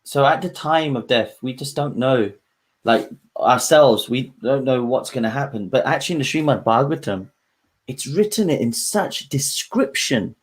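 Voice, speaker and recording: A man's voice: mid-range voice, expressive, moderate pace. A man hosting a casual spiritual talk, who speaks in encouraging, loose and rambling phrasing. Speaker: host.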